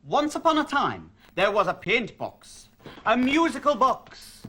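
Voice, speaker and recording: A woman voicing a patient, friendly puppet storyteller in a children's show, telling the tale with lively character voices. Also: on the high side, measured pace, slight background noise.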